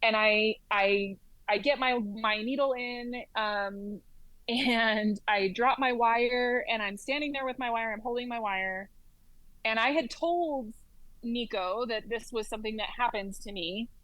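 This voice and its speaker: A woman working as a flight nurse practitioner, telling stories as an interview guest in a lively way, with lots of "like" and "um". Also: a little high, unhurried, dry recording, low-quality recording. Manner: lively storyteller, heavy use of "like" and "um". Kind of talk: casual storytelling in an interview.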